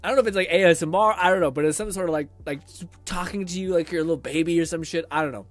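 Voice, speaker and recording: A man streaming a casual reaction video, blunt and animated, swearing and laughing often. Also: a little high, rapid-fire, soft background music. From Canada.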